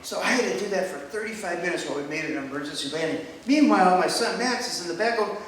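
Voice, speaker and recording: A man's voice: high voice, fast, slight background noise. An older American man, a retired doctor, telling a story in a stand-up routine at a live venue, with audience laughter behind. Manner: storytelling, animated. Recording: echoey, from a distance.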